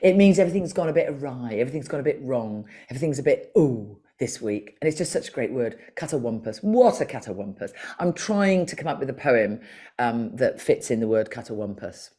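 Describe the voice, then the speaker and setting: A woman guest in a casual podcast interview, chatty and playful, pausing now and then to think. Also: extremely low pitch, big pitch swings, warm tone, slightly rough. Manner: playful and chatty, with thoughtful pauses. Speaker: podcast guest, author and broadcaster.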